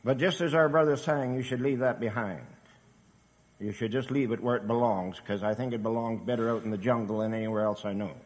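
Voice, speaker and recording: A man's voice: medium pitch, fairly even intonation, fairly quick. A man preaching a sermon in an emphatic, earnest, exhorting manner. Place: church camp meeting hall. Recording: reverberant hall.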